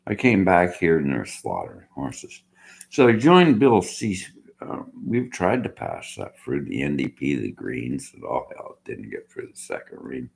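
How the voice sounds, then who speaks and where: Very deep, gravelly older man. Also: big pitch swings, unhurried. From Canada. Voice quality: slurred-sounding speech. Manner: bitter, argumentative. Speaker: vlogger. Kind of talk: rambling rant to camera.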